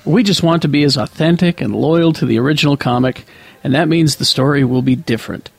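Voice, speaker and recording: A man co-hosting a casual group chat about movies, rambling with halting restarts. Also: a little high, vocal fry, slight background noise.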